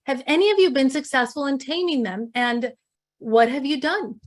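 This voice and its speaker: A woman with a fairly high voice runs an interactive workshop, firing questions at the room. She shifts into personal stories with animated, expressive delivery. She sounds middle-aged and at ease in front of a group. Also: moderate pace. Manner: animated, questioning the audience, storytelling. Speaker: speaker leading a leadership workshop. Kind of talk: interactive talk to an audience.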